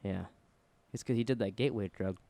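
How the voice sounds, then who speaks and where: A man's voice: on the low side, a little fast, creaky, dark tone, no echo. A young man co-hosting a podcast, rambling through stories in casual chat, acting out quotes and swearing often. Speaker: podcast co-host.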